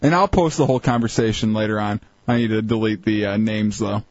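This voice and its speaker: A man's voice: lowish voice, a little fast, a little mellow, no echo. A man co-hosting a radio show, chuckling and giving short replies in casual banter. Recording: dry, dull lo-fi studio.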